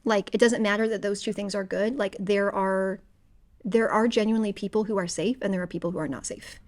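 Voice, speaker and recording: Woman cohost just chatting about a book, loads of "like"s, gets lively and squeaky acting out her own thoughts. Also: a little fast. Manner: chatty, animated, lots of fillers and acted-out inner voices. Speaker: podcast co-host. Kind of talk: casual book-club chat.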